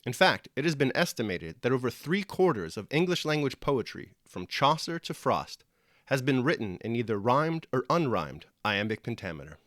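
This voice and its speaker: Lively-voiced man teaching a lesson. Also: medium pitch, normal speed, dry recording, studio quality. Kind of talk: scripted lesson narration.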